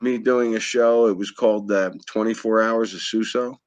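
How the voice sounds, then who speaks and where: A man's voice: lowish voice, fairly even intonation, normal speed, dry recording. A man hosting a podcast in casual chat, easygoing and joking with his guest. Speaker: podcast host. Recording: dull lo-fi audio.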